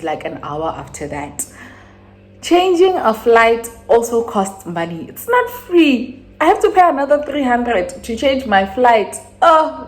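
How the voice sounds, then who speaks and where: A young woman from South Africa with a South African accent tells a personal story on her channel. She rambles and restarts, then jumps to high exclamations. Her voice sits fairly low for a woman. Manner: animated, rambling retelling with sudden high exclamations. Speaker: YouTuber. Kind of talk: casual storytime.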